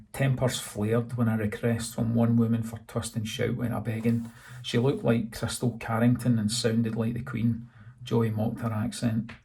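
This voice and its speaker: A Scottish man, the author, narrating his own novel in a steady, dry reading. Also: mid-range voice, creaky. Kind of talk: audiobook narration.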